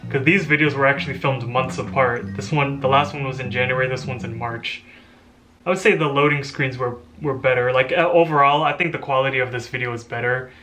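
A man's voice: medium pitch, steady tone, a little fast, pushed and bright, soft background music. A young man casually reacting to his own old video, amused, rambling and often laughing. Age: young adult.

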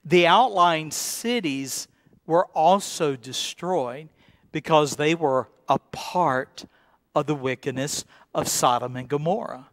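A male pastor preaching a sermon in an earnest, deliberate way, repeating words and rising into pleading emphasis. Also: fairly high pitch, fairly bright tone, no room sound.

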